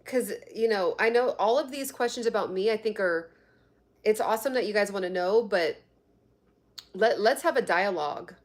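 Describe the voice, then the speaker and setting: This woman runs a live stream about health and fitness, speaking at medium pitch and moderate speed. Her manner is chatty and full of laughter as she reads viewers' comments out loud.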